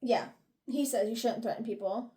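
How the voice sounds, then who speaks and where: A young woman, voice on the high side and mellow, talks at a moderate pace while co-hosting a book podcast. She casually retells chapters and acts out character lines, laughing often throughout the recap.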